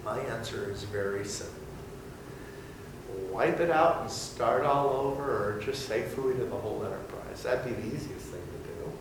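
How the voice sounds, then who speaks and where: A man leading an interactive Bible study for a small group, teaching in an animated, theatrical way. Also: fairly low pitch, normal speed, noisy background. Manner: animated and theatrical, acting out voices. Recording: echoey room from far off.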